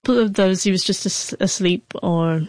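A woman's voice: medium pitch, fairly quick, a little mellow, dry recording. A woman with a stutter, a guest telling an emotional personal story in an interview, her speech broken by repeated sounds. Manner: emotional, heartfelt. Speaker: guest, author.

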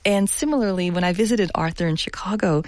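A middle-aged woman journalist giving a thoughtful radio interview, speaking earnestly and laughing softly now and then. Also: mid-range voice, fast, no room sound. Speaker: journalist guest.

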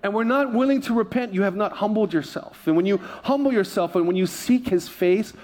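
A man's voice: high-pitched, brisk, a little mellow, slight background noise. A male pastor preaching a sermon, mixing humorous stories with repeated phrases and calls to the congregation. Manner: asks the congregation for responses.

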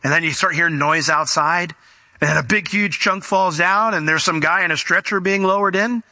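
A man's voice: high voice, moderate pace, sharp tone, dry recording. A man preaching a conversational Bible teaching, folksy in his delivery and fond of acting out the people in the story. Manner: folksy, acts out quoted voices.

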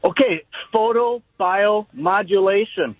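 A man's voice: sits high, takes it slowly, no room sound. A man calling in to a radio show, playful and teasing with the host. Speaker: caller. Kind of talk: phone call to radio show. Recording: narrow telephone line.

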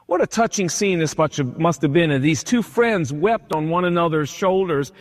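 A man pastor preaching a sermon, retelling a story with animated, emphatic repetition, in a church hall. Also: on the high side, normal speed, hardly any pauses. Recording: long hall reverb.

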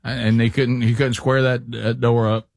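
A man's voice: medium pitch, little pitch movement, unhurried, gravelly, no room sound. Dry-voiced male radio host. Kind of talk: casual banter among co-hosts.

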